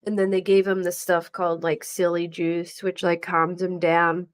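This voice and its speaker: A fairly low-pitched woman's voice at normal speed belongs to a middle-aged true crime talk show host. Casual and animated, she tells her stories by acting out the people in them, quoted voices included.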